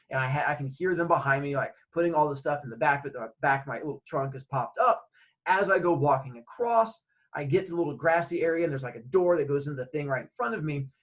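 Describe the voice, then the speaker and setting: A man tells a personal story in a casual, animated way, with his voice swinging up and down as he acts out each line of dialogue. He sits a bit higher than most men's voices. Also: low-quality recording. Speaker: host.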